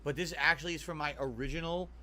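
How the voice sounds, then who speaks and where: A man's voice: on the high side, fairly even intonation, quick pace, pushed and bright, slight background noise. A man streaming as he reacts to his own old clips, chatty and self-mocking. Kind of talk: casual stream commentary.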